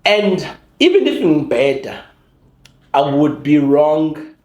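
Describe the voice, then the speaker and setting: A man speaking English with a Zulu accent tells stories in a lively, animated way, stopping and restarting sentences and slipping into other people's voices. His voice sits somewhat higher than most men's. The room around him is noticeably echoey. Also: slow pace. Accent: Zulu-accented South African English. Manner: frequent restarts and fillers. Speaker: podcast guest. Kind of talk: casual storytelling interview.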